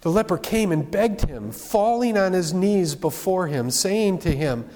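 A man with a somewhat high voice delivers a sermon in a relaxed, conversational manner, speaking plainly to his congregation. His words ring out with a long reverb, as in a large echoey hall. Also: measured pace. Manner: conversational, plain-spoken preaching. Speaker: pastor.

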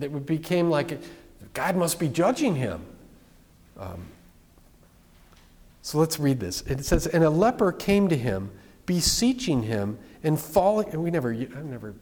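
A man's voice: medium pitch, a little mellow. Man preaching in an echoey hall. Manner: conversational, plain-spoken preaching. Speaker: pastor. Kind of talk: sermon.

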